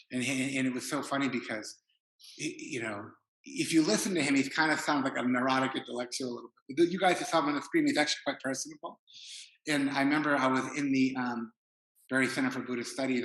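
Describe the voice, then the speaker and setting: A man's voice: mid-range voice, fairly bright tone. Male meditation teacher, casual rambling dharma talk, roomy hall. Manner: casual, rambling, many "like" fillers. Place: retreat hall.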